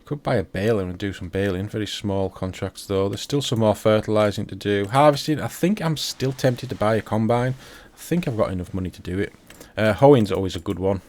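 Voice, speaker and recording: A man's voice: lowish voice, brisk, hardly any pauses, darkish tone. A man giving casual commentary while playing a farming game, chatty and thinking aloud to himself. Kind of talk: casual let's-play commentary.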